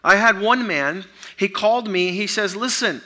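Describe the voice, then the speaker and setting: A middle-aged man preaching a sermon as pastor, energetic and urging his congregation. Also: high voice, moderate pace.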